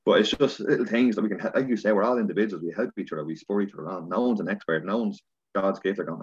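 An Irish man, a podcast guest, chatting casually and telling lively stories, swearing freely. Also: lowish voice, fast talker, slightly rough. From Ireland. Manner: animated storyteller, swears freely. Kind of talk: casual chat. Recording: dull lo-fi sound.

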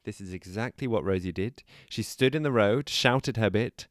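Chatty low-voiced male podcast host. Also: normal speed, few pauses, dry recording, studio quality. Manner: chatty, self-deprecating, amused. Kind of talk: casual chat and storytelling.

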